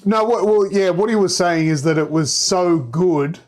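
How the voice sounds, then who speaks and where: Higher-voiced man hosting a chatty review. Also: normal speed, darkish tone. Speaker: podcast host. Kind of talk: casual chat.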